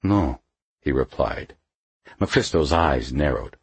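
Very deep, husky male audiobook narrator. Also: normal speed, no echo.

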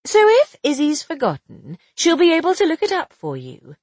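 A quick-witted young woman amateur sleuth, voiced by a woman reader talks in a chatty, teasing way, her pitch swinging widely and running a bit high. The voice is soft and breathy and close to the mic with a dry sound. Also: wildly swooping pitch, no room sound. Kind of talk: audiobook dialogue reading.

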